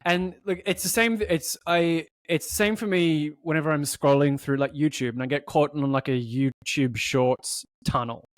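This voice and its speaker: A podcast co-host with a slightly high voice, talking casually and animatedly, swearing freely and slipping into little acted-out voices. The sound is dry and close to the mic, with no room echo. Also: male voice, normal speed, hardly any pauses. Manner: animated, swearing, acts out voices mid-story. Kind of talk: casual conversation.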